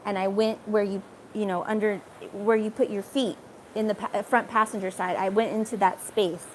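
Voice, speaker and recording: An adult woman telling a personal story in a rambling, halting way, full of fillers and restarts. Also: mid-range voice, fairly even intonation, a little hiss or hum.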